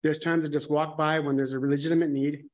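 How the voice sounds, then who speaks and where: A man's voice: on the high side, little pitch movement, a little fast, muffled recording. A man preaching a conversational sermon, candid and musing, thinking aloud and often restarting his sentences.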